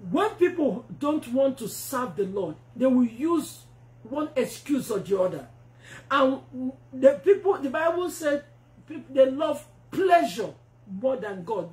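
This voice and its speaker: A woman preacher telling a testimony in a sermon, animated and acting out the voices she quotes. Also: fairly high pitch. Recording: roomy echo.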